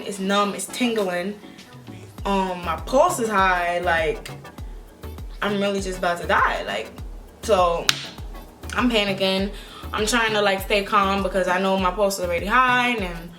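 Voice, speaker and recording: A woman's voice: medium pitch, normal speed, faint music behind. A young woman vlogger, telling a storytime in a rambling, casual way full of fillers. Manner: rambling, filler-heavy, animated retelling.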